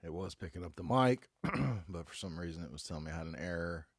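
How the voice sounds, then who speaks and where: A man in his 40s from North Carolina hosts a casual solo podcast from his back bedroom, recording on a phone while battling a stuffy head cold. He rambles glumly and curses heavily in a low, husky voice with lively intonation and a quick pace. The sound is studio quality with no echo.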